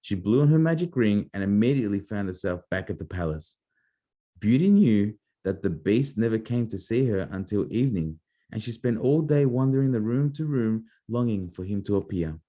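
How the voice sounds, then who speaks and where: A father reads a fairy tale aloud at bedtime, his voice mellow and dark in tone. He swings his pitch widely for effect, playful and expressive, dropping in small asides. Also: moderate pace, lo-fi sound. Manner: animated, playful storytelling with asides. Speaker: parent reading to a child. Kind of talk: bedtime story reading.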